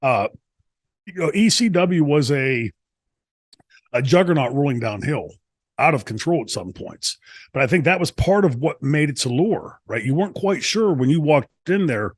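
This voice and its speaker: A man's voice: fairly high pitch, expressive, moderate pace, husky, no room sound. A man from the United States, a guest in an interview, telling long rambling stories with many restarts. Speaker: interview guest, former wrestler. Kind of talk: casual shoot interview storytelling.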